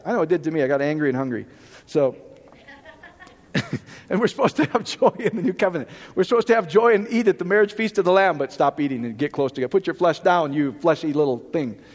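A man preaching a sermon in an animated, joking way, often asking the room whether they follow him. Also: on the high side, fast talker, big-room sound. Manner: animated, jokey, rhetorical questions. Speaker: pastor.

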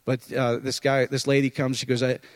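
A man's voice: mid-range voice, moderate pace, dry recording. A man preaching an informal, conversational sermon, often checking in with his listeners. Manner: conversational, animated, often asks "does that make sense".

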